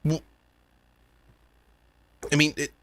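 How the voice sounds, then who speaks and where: A man narrating a tabletop game as game master, playful and animated. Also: extremely slow.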